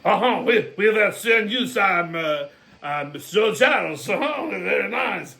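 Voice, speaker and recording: A man putting on a meek, hesitant French official with halting speech, as a joke. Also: sits high, animated, creaky, pushed and bright, exaggerated voice. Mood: mock timid.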